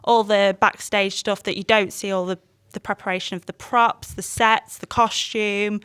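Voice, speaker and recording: Upbeat English woman, smooth voice. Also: mid-range voice, steady tone, normal speed, a bit bright, no room sound. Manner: upbeat, promotional, laughs easily. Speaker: podcast guest, college staff. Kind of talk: casual chat.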